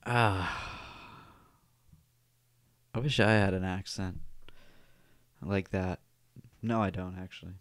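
A podcast host from Cape Breton in Canada, chatting in a rambling, wry and profane way. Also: male voice, low-pitched, fairly even intonation, slow pace, long pauses, dry recording. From Cape Breton Island, Canada. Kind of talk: casual podcast chat.

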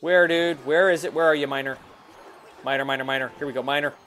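Excitable young man commenting on gameplay. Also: fairly high pitch, a little hiss or hum. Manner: excitable and hyper, quick swings into yelling. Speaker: mobile game video host.

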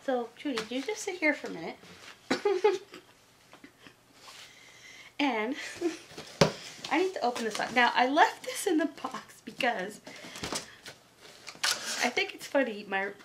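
A woman reviewing toys at home, gushing and excitable in a casual chat. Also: high voice, takes it slowly, long pauses, noisy background. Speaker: toy reviewer.

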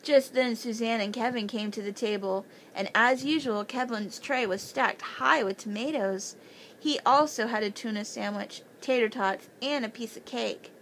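A woman's voice: fairly high pitch, normal speed, fairly bright tone, a little hiss or hum, rough recording. A woman reading a children's chapter book aloud as a bedtime story, lifting her voice for the children's lines.

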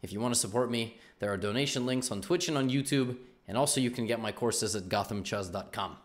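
A man hosting a podcast in casual chat, laid-back and quick to laugh, using casual slang. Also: medium pitch. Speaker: podcast host.

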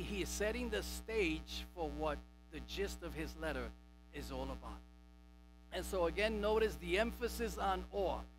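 In a church sanctuary, a male pastor with a high-pitched voice preaches emphatically, repeating and stressing key words. The recording is rough.

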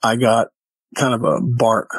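A podcast guest speaks a little slowly in a medium-pitched voice with a breathy edge, and there's no room sound. In a folksy, wandering style, he shares stories of his own encounters, animatedly imitating the voices of those he quotes.

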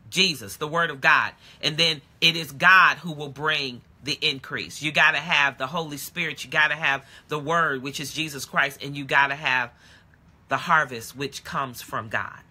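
Impassioned husky woman preacher. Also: low voice, steady tone, moderate pace. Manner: impassioned, swinging between shouts and quiet talk. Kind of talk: live-streamed sermon.

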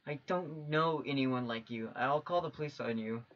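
A man's voice: mid-range voice, normal speed, a bit bright, highs cut off, lightly acted. A man voicing an angry, confused older mother who treats her son as an intruder, speaking in a cold, accusing way. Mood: hostile.

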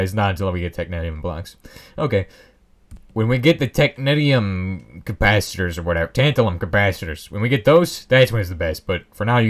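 A young man casually commenting on his own gameplay, rambling and joking at his own expense. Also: low voice. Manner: rambling, self-mocking, joking asides. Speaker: Let's Play host.

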